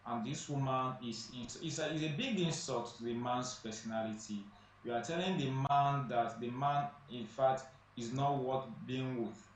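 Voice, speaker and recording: A man's voice: mid-range voice, normal speed. A man speaking as a guest on a studio talk show, emphatic and repeating phrases for stress. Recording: echoey distant room mic, faint noise.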